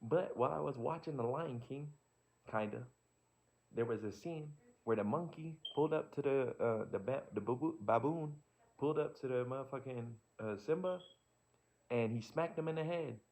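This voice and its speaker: Here a vlogger talks to himself in a loose, reflective way, swearing freely and speaking candidly as he wanders through his ideas. He has a mid-range, darkish voice at normal speed, captured in dull lo-fi audio.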